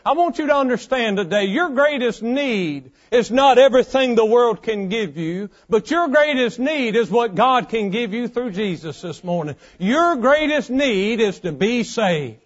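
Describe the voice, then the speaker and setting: A man's voice: very high voice, expressive, unhurried, hardly any pauses. A man in his thirties preaching a sermon with a fervent, repetitive cadence. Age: 30s. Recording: dull lo-fi sound.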